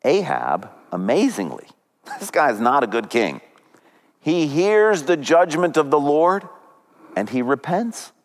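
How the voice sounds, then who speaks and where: A man's voice: a little high, sing-song, takes it slowly, long reverb tail. A man preaching a sermon as pastor, retelling a story dramatically with big swings up and down.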